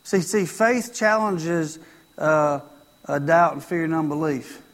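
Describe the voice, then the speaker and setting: A man's voice: on the high side, slow pace, big-room sound. A man preaching a sermon, telling a story and acting out its lines, repeating phrases for emphasis.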